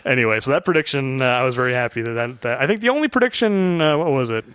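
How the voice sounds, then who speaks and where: A man co-hosting a casual movie review chat, animated and full of quick asides. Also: medium pitch, smooth, no room sound. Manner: animated, quick asides, lots of fillers and impressions. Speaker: podcast co-host.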